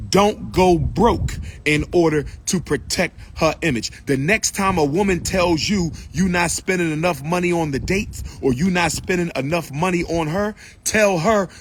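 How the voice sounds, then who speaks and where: A man's voice: on the high side, a little hiss or hum. A man giving an impassioned, repetitive lecture and calling out to his listeners. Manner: preachy, repetitive, calls out to the audience. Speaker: speaker addressing an audience.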